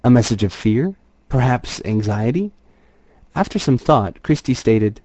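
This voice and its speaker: A man, a therapist and trainer, giving scripted instructional narration in a measured, explanatory reading voice. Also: medium pitch, expressive, mellow, dry recording, dull audio.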